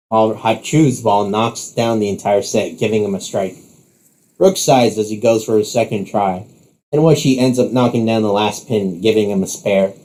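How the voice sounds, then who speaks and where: Male narrator for second-person story, steady, warm mellow tone. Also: mid-range voice.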